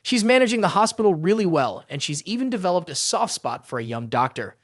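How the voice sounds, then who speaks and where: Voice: mid-range voice, very animated, a little fast, no room sound, clean studio sound. Narrator doing a sly, teasing male aide.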